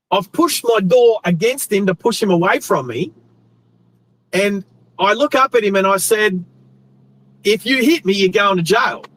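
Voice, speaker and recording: An Australian man hosting a show, telling a rambling, animated story with restarts while he drives his car. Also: high voice, rough recording. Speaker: host. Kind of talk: casual storytelling while driving. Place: inside a car on the road.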